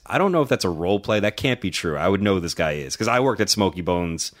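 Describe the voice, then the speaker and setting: A man with a very deep voice co-hosts a casual podcast. He talks in quick, profane, rambling asides. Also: animated. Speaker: podcast co-host.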